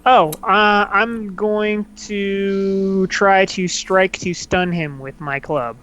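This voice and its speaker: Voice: mid-range voice, fairly even intonation, takes it slowly, a bit bright, highs cut off. A player in a tabletop role-playing game, talking casually and thinking aloud while deciding moves.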